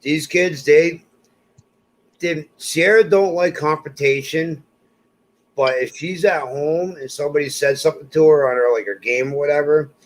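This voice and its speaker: Man telling stories with animated quoted voices. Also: fairly high pitch, moderate pace, low-quality recording. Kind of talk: casual storytelling chat.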